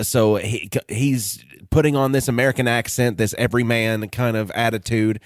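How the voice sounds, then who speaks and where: A man's voice: mid-range voice, no room sound, clean studio sound. A man co-hosting a podcast in casual chat, recapping in a rambling way with lots of uhs. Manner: rambling recaps with filler uhs, acts out quotes. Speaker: podcast co-host.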